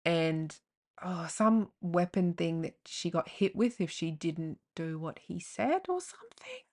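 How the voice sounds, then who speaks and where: Frank woman with gravelly fry. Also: lowish voice, expressive, a little slow, darkish tone. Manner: rambling, frank, swears, many fillers and tangents. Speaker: podcast host. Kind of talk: candid personal podcast monologue.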